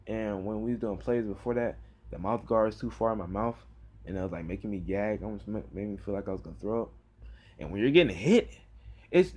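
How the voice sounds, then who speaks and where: A teenage boy talking casually to camera in a tired, rambling way, with sighs and halting fillers. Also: deep voice, dark tone, husky. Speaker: vlogger. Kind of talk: casual talk to camera about football practice.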